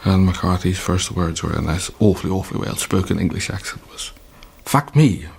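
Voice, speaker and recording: An Irish man recalling his time as a hostage in a measured, storytelling interview with wry humour. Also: low-pitched, level tone, creaky, a little mellow, husky. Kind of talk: reflective interview recollection.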